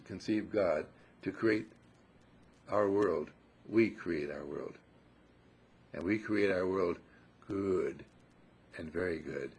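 A man's voice: low-pitched, vocal fry, husky. An older man giving an effusive, affectionate inspirational talk to a gathering, his voice swooping up on emphasis. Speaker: spiritual speaker.

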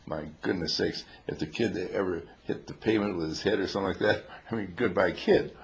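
An older man with a low-sitting voice, talking a little fast, tells rambling, humorous stories to a small group. He's playful and chuckles along, throwing in old-fashioned exclamations.

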